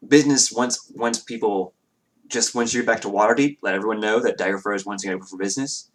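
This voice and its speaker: A man's voice: on the low side, fast talker, natural voice. A man voicing a grateful townsman in a tabletop game, earnestly refusing payment. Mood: insistent.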